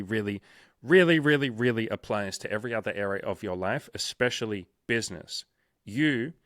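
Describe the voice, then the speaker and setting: A man coaching on dating and life talks casually on a podcast, profane and emphatic, acting out quoted sales calls. His voice is lowish and a bit bright, captured in a dry, clean studio recording.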